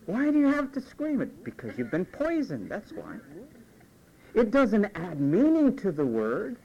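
A man's voice: high-pitched, normal speed, muffled recording, a little hiss or hum. A man preaching a conversational sermon as pastor, acting out quoted voices along the way. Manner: animated, acts out quoted voices.

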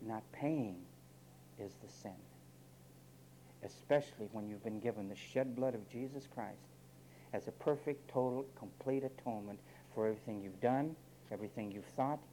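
A male pastor preaching a sermon, blunt and direct, swinging between loud high bursts and low quiet asides and putting questions to his congregation. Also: moderate pace, slight background noise, rough recording.

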